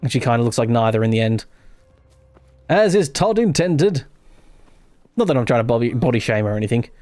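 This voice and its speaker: A man's voice: mid-range voice, steady tone, very fast, darkish tone, no echo, faint music behind. A man chatting casually and rambling while streaming a game live. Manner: rambling, chatty, self-interrupting. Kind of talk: casual live gameplay chat.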